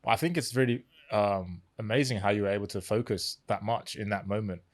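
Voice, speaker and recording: A man's voice: lowish voice, fairly quick, no echo. A man hosting a casual interview, reacting supportively and asking follow-up questions. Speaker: podcast host.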